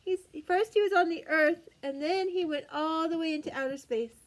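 A woman's voice: extremely high pitch, normal speed. A young woman, a teacher, reading a picture book aloud to young children with gasps and exaggerated sing-song wonder. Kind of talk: read-aloud storytime.

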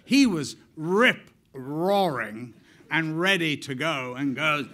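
An older man telling lively anecdotes on stage, laughing as he goes. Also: a little high, slow. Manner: animated, laughing as he tells stories. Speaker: guest actor. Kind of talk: onstage anecdotal storytelling. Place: stage event before an audience.

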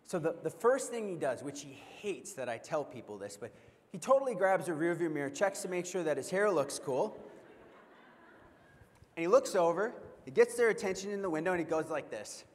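A young man giving a keynote speech at a convention, telling a funny story in an animated way and asking the audience questions. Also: a little high, brisk. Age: young adult. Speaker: keynote speaker. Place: large convention hall. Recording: long hall reverb.

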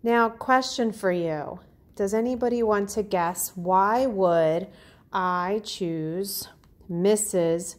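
A woman kindergarten teacher reading a picture book aloud to young children, talking clearly and encouragingly. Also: mid-range voice, darkish tone. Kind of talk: storybook read-aloud lesson for children.

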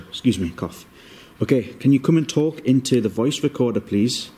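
A man giving ghost-hunting vlog commentary, moving between hushed asides and raised calls to spirits in a cold indoor room. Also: medium pitch, animated, moderate pace, husky. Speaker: paranormal investigator.

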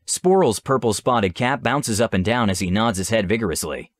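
A male game master reads a fantasy adventure aloud with a lively, animated melody. His delivery is measured and descriptive. The recording is dry and close, with no room echo. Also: lowish voice. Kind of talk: scripted story narration.

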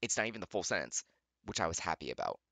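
A young man with a low but bright voice rants sarcastically about bad writing from his computer. His pitch leaps all over as he mocks and groans, and the sound is close and dry. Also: very animated, fast talker, vocal fry, no room sound. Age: young adult. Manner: exasperated, mocking rants with profanity. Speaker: channel host reading fanfiction aloud. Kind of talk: sarcastic reading commentary.

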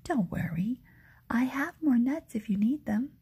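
A fussy, kindly old grandmother fussing over her guest in a whispered role-play, put on by a woman reading a storybook. The voice sits a little higher than the reader's own, hushed and gravelly. It stays slow and chatty throughout. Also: lively intonation, heavily acted. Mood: cheerful. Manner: soft, doting and chatty.

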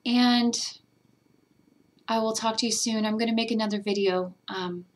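A woman's voice: on the high side, fairly even intonation, normal speed, pauses often. A woman talking in a personal vlog, earnest and tender, emotional as she shares a spiritual reflection. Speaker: spiritual guidance vlogger. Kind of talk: heartfelt personal vlog talk.

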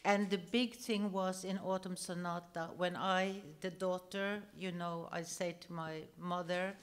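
A woman telling an anecdote on stage. She is animated and laughs her way through the story, often restarting her sentences. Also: lowish voice.

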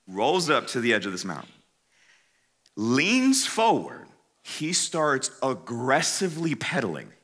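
A man tells a funny sermon story to a youth crowd, his voice bright and forceful. His pitch leaps up and down as he swings between loud bursts and hushed asides. He talks in casual slang, straight to the room. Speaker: youth conference speaker.

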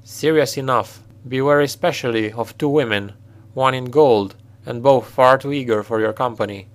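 A man reading a storybook voices a blunt, practical male mercenary captain who talks in a forceful, direct way. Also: mid-range voice, normal speed, close to an everyday voice. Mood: commanding.

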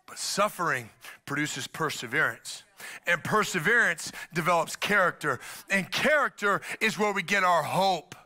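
A middle-aged man preaching a sermon as pastor, animated, often acting out the voices of the people he quotes. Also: high-pitched, moderate pace.

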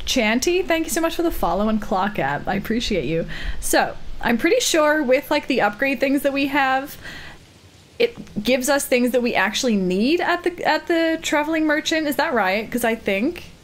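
A woman's voice: sits high, expressive, moderate pace. Bubbly woman streamer in a put-on accent. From Australia. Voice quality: doing a put-on accent instead of her normal one. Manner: reads out and thanks chat, laughs often, bubbly. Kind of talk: casual live-stream chat while gaming.

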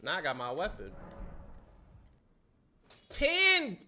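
A man's voice: a little high, expressive, unhurried, pushed and bright, a little hiss or hum. A young adult man streaming a game live, trash-talking and teasing his chat with a lot of swearing. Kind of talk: live-stream gameplay commentary.

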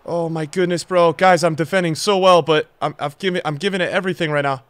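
A young man commentating his own football video game match as a streamer, swinging from low muttering to loud outbursts. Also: steady tone, fast talker, clear, resonant tone, dry recording. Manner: emotional, swings from muttering to shouting. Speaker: gaming streamer. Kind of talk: live gameplay commentary.

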